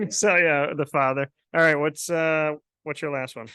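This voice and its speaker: A man's voice: on the high side, steady tone, normal speed, bright, forceful tone, smooth, no room sound. A chatty man hosting a casual sports interview, laughing often. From Syracuse, New York. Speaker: interviewer and show host.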